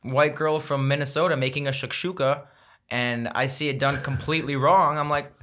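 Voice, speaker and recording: A man's voice: fairly high pitch, steady tone, moderate pace, a bit bright. A man guest on a podcast, talking thoughtfully in casual conversation, rambling with restarts. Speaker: guest, content creator.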